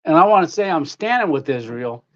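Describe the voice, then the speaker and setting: A man's voice: on the high side, lively intonation, fairly quick, fairly bright tone, dull audio. A man hosting a casual home livestream, greeting viewers by name with lots of fillers and little laughs. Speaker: livestream host. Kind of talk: casual live-stream chat. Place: home room.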